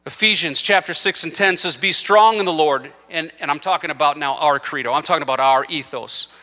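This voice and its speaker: A man's voice: brisk, sharp tone. Impassioned male pastor preaching in a reverberant hall. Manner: impassioned preaching that climbs to urgent, high-pitched emphasis; emotional, earnest. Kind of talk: sermon. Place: church sanctuary. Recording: long hall reverb from a church room.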